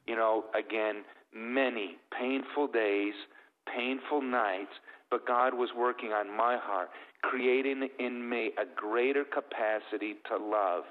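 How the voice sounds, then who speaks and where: A man's voice: medium pitch, steady tone, takes it slowly, in a large hall, phone-quality sound. A middle-aged man giving an earnest, heartfelt personal testimony as a guest.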